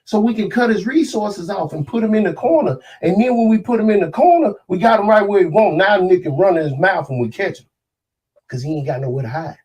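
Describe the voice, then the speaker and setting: A man's voice: high-pitched, animated, brisk, a little mellow, far from the mic. A man on a podcast with several other men, talking heatedly and profanely, preaching about what can't be said around kids. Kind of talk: heated casual podcast talk.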